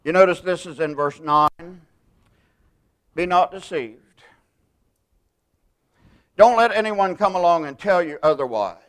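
A man preaching a sermon, stressing single words and slowing down to quote scripture. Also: a little high, animated, fairly bright tone, smooth.

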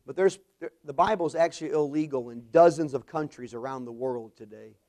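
A man preaching a sermon, swelling into emphatic bursts and dropping to quiet, low endings. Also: brisk.

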